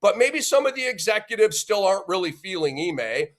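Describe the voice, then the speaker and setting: A man hosts a sports podcast with a high-pitched, very animated voice, talking a little fast. He delivers an emphatic, opinionated rant, bluntly insulting his critics and capping his points with a questioning "okay?".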